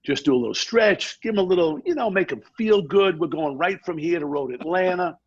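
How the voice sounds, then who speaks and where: A middle-aged man, a guest on a podcast, telling a story in a fast, energetic way and acting out quotes. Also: sits high, breathy edge, lo-fi sound. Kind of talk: animated storytelling.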